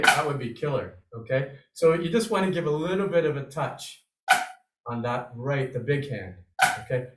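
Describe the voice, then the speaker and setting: A man's voice: on the high side, very noisy. A man giving an online snare drum lesson, upbeat and encouraging, walking through scores and vocalizing the rhythms. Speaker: drumming instructor. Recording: roomy, slightly distant video call audio.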